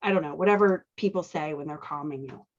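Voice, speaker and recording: A fast-talking woman with a low voice hosts a show, editing a manuscript while casually teaching about dialogue. As a dialogue editor, she thinks aloud and keeps asking "right?" The audio is dull.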